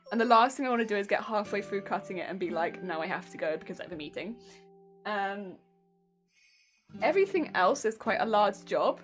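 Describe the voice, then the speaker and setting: Giggly, rambling English woman streamer. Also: on the high side. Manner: giggly, rambling, self-mocking. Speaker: crafting streamer. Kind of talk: casual live stream chat. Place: home craft room. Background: faint video game music.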